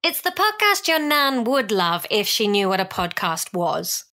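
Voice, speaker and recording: A woman's voice: mid-range voice, big pitch swings, measured pace, pushed and bright, dry recording, clean studio sound. A woman co-hosting a podcast in casual comedic chat, playfully correcting her co-host.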